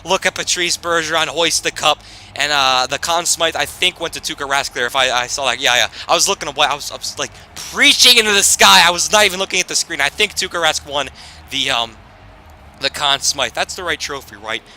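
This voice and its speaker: A young man giving casual commentary on a hockey video game, excitable and self-deprecating, rambling and restarting his sentences. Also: fairly high pitch, a little fast. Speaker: gaming YouTuber.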